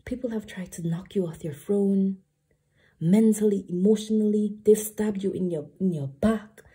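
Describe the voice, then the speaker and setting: Very husky woman giving a tarot reading. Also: medium pitch, normal speed, mellow. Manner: emphatic, preachy, swears casually. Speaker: tarot card reader.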